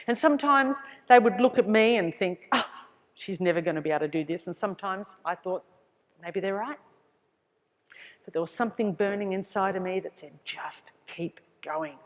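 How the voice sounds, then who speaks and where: A middle-aged Australian woman tells her story to a large hall in an animated, expressive way, acting out each voice. Her voice is mid-pitched and carries a long reverb from the room. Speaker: keynote speaker. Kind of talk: inspirational keynote storytelling.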